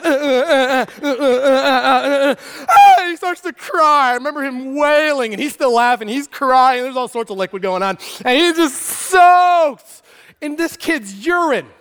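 A man from Arizona, a pastor, preaching a sermon through an animated, playful comic story that swings between loud and quiet. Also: very high-pitched. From Arizona, USA. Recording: long reverb of a large hall.

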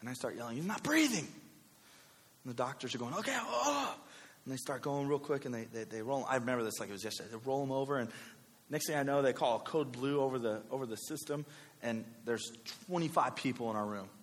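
A man, preaching a sermon with a personal story, talking conversationally with animated asides. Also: medium pitch, fast. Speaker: pastor. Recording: long hall reverb.

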